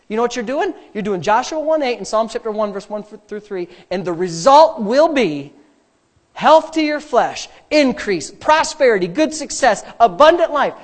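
A middle-aged male pastor delivers a sermon in a high voice. He drives his points home with repeated phrases and shifts between loud emphasis and soft prayer. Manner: emphatic preaching with repetition, dropping to quiet prayer.

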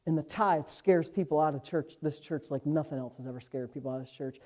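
A male pastor delivers a sermon in a voice that sits unusually high for a man. He is fervent and impassioned, dropping to hushed asides and then climbing back to loud, urgent exhortation. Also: fairly quick. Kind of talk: preaching a sermon.

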